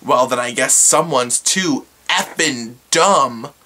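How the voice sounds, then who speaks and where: A vlogger voicing a rude, demanding female customer in a lowered, curt and indignant tone. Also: slow pace, bright, forceful tone.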